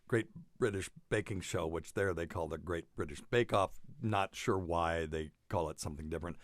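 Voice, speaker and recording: A man hosting a loose medical chat show, with a fairly low voice. He rambles and jokes, laughing at his own asides. The sound is close and dry, with no room in it. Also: dry recording. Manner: joking, rambling, laughs often. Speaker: podcast host, doctor. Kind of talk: casual chat.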